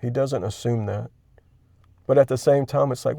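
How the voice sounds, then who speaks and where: A man hosting his own channel, talking candidly and emotionally about his faith, halting and restarting as he gets worked up. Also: medium pitch, gravelly, mellow, no echo, clean studio sound. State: chronic pain. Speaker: Christian video host. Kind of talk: emotional personal reflection.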